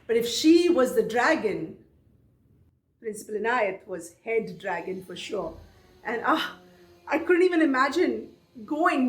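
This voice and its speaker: A woman storyteller telling a personal tale in an expressive, dramatic way, repeating phrases for effect. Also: high voice, reverberant. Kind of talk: oral storytelling performance.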